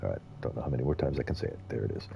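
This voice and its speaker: A man's voice: a bass voice, racing, gravelly, mellow, slight background noise. A man streaming a video game, chatting casually and rambling with frequent chuckles. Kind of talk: casual gameplay commentary.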